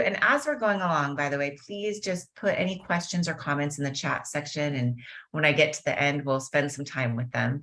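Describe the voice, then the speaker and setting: Low-voiced woman teaching mindfulness. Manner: warm storytelling, slows into soft guided meditation. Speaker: mindfulness teacher and guest speaker. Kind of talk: webinar talk with guided meditation.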